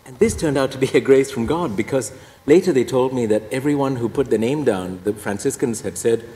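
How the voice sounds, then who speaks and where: Chatty self-mocking priest in a hall. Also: male voice, medium pitch, a little fast, warm tone. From Singapore. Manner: self-deprecating, chatty, laughs at own jokes. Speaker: Catholic priest and chaplain. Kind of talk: humorous personal testimony talk. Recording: echoey hall, faint background noise.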